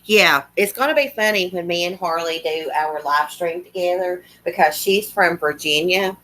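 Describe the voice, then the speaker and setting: Speaking at a moderate pace in a fairly low, fairly bright voice, a livestream host with a Southern accent chats casually. She answers her commenters in a countrified, talkative drawl.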